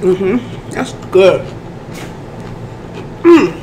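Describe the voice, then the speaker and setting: A hoarse woman vlogger chatting casually to her viewers as she eats, often clearing her throat. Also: mid-range voice, very animated, extremely slow, warm tone, slight background noise. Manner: chatty, addresses audience as y'all, keeps clearing her throat. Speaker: mukbang vlogger. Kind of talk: casual eating chat to viewers.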